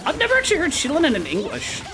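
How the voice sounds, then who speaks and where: A woman's voice: high-pitched, racing, over music. Chatty woman gamer yapping to chat, swears a lot, voice goes all over the place. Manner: excitable, chatty, swears casually. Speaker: streamer. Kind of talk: casual game-stream chat.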